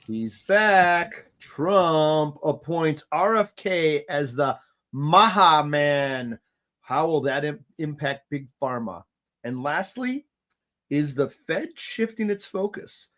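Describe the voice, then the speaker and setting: A man's voice: fairly high pitch, animated, slow. Upbeat man hosting a market show. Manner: upbeat, playful banter. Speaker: show host. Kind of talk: casual market chat.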